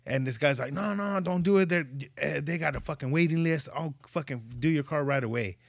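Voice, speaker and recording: A man's voice: on the high side, brisk, vocal fry, no echo, clean studio sound. A man hosting a podcast, casually telling profane stories and acting out the dialogue. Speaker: podcast host. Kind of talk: casual chat.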